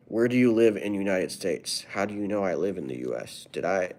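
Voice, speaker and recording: A male comedian chatting casually with viewers on a live stream, playful and riffing in quick rhymes. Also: lowish voice, vocal fry, a little mellow.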